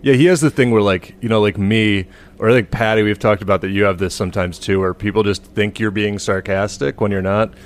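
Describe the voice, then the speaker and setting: A man's voice: fairly low pitch, fairly even intonation, brisk. A man co-hosting a podcast, joking and rambling in casual chat. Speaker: podcast co-host.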